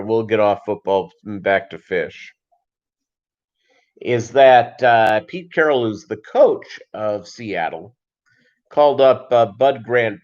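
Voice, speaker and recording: Rambling man on a dull lo-fi stream. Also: fairly low pitch. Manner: rambling, many fillers and pauses, reads chat aloud. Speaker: livestream host. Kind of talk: casual livestream chat.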